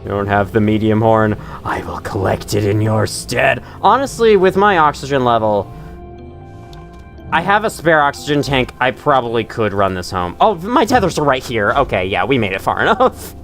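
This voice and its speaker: A male streamer talks through his gameplay in a loose, chatty way, laughing easily and poking fun at himself. His voice swings widely up and down as he reacts. Quiet music plays faintly behind him. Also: mid-range voice, sing-song, moderate pace. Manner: chatty, self-deprecating, laughs often. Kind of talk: live gameplay commentary.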